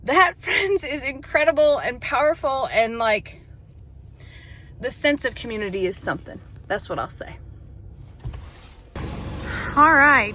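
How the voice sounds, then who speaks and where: A woman's voice: on the high side, noisy background. Chatty woman vlogging on errands. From Texas. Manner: chatty and heartfelt. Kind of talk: casual vlog narration. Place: in a vehicle and on errands.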